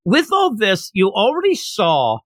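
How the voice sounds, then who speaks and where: An animated man chatting casually as a podcast co-host, laughing as he goes. His voice sits a little high, swings widely in pitch and sounds bright. The sound is dry and close. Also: a little slow, dry recording. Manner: animated, laughing, retelling scenes.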